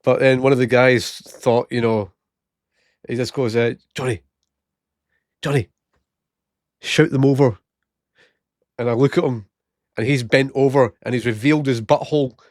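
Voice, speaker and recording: A man's voice: mid-range voice, steady tone, normal speed, dry recording, clean studio sound. Chatty man, a bit short of breath. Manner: chatty, laughs at his own stories. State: slightly short of breath from a chest infection. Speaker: vlogger. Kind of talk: casual storytelling. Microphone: new gated microphone close up.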